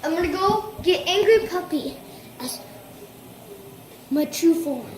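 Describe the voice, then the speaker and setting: A woman hosting a playful pet vlog, excitable and giggly, talking into a headset microphone and breaking into shrieks. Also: very high-pitched, a little slow, pauses often, noisy background. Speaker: channel host.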